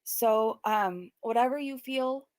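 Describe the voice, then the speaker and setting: A young Southern California woman, a commentary YouTuber, talks casually and earnestly to her viewers in a vlog, rambling with many fillers. She's choked up and near tears, speaking slowly in a slightly high, slightly mellow voice with no room sound.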